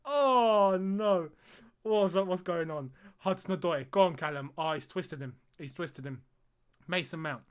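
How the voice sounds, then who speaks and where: A man's voice: fairly high pitch, clean tone. A man hosting a live football watch-along, chatting casually and crying out at the action. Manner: excitable, chatty, quick to laugh and cry out at the action. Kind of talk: live casual match commentary and chat.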